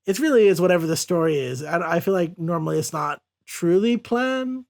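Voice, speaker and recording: A high-pitched man with lively intonation hosts a laid-back podcast about a comic, moving page by page. He paraphrases character lines aloud quickly and loosely, laughing a lot along the way.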